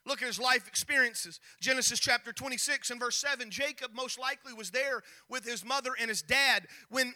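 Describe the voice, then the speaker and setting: Man preaching, very high voice, very bright sharp tone, storytelling sermon. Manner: storytelling, animated, with repeated restarts.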